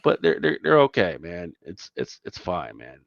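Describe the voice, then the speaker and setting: A man's voice: low-pitched, huge pitch swings, moderate pace, creaky, no echo. Emphatic Philly man, dull dry recording. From Philadelphia, USA. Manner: emphatic, repeats words, peppers speech with "man" and "right?". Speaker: podcast co-host. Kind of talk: casual chat.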